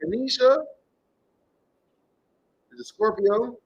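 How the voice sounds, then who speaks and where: A man's voice: extremely high pitch, slow, husky, low-quality recording. A man hosting a tarot reading livestream, chatting casually and rambling, swearing often as he reads out viewers' comments.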